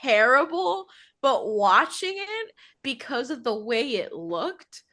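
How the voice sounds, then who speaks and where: A young woman talks casually on a podcast. Her voice sits a bit high and moves lively up and down. She reacts expressively and laughs easily. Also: takes it slowly. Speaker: podcast co-host. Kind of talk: casual chat.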